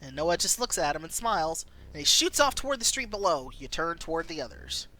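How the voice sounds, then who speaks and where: A woman streamer reading a story game aloud, expressive and playful, reacting as she goes. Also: low-pitched, fairly quick.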